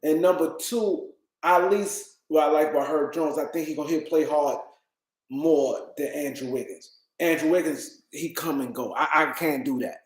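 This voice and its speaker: A man's voice: on the high side, moderate pace, reverberant, low-quality recording. A tired man hosting a casual livestream, rambling and repeating himself as he talks to his chat. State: tired, yawning. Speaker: livestream host.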